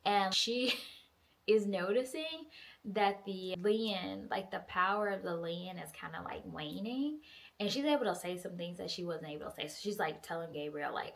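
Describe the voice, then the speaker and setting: A young woman recapping a novel in a casual, profane, animated way, acting out the characters' lines. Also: mid-range voice, normal speed, gravelly. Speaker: book reviewer. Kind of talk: casual book review recap.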